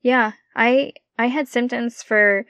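A woman's voice: on the high side, fairly even intonation, slow, fairly bright tone, no room sound. A woman in her thirties chatting casually and laughing easily with a friend. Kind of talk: casual chat.

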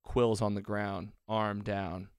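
A man hosting a casual podcast chat, retelling a show's episode with excitement and quick acted-out quotes. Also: fairly low pitch, clear, resonant tone, dry recording, studio quality. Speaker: podcast host.

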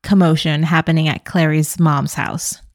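A woman's voice: deep voice, little pitch movement, dry recording, studio quality. A young woman co-hosting a podcast, recapping a movie in sarcastic, chatty talk. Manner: chatty, sarcastic, quick asides. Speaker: podcast co-host. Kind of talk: casual movie recap chat.

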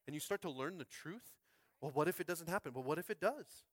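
Fervent pastor preaching, dry close sound. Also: male voice, on the high side, expressive, fairly quick, no room sound. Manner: fervent, swings from quiet musing to shouted climaxes; calls out to the congregation. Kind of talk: sermon. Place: school space used as a church.

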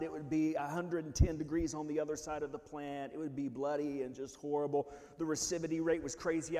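A man preaches a personal testimony with a high voice. He drops low and quiet, then climbs into loud, excited bursts, stumbling and restarting as he goes. His voice rings out in a big, echoing church hall. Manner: swings from hushed to shouting, restarts often. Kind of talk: sermon testimony. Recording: long reverb of a church hall.

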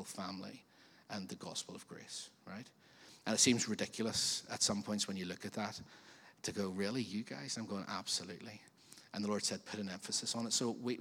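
A man preaching a sermon as pastor, in a chatty, animated way with frequent questions to the congregation. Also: lowish voice, breathy edge. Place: church auditorium. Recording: long reverb of a church hall.

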